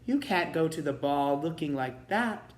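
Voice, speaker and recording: A man voicing a small, kindly, absent-minded fairy godmother with a gentle singsong manner, in a roomy echo. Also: fairly high pitch, animated, measured pace.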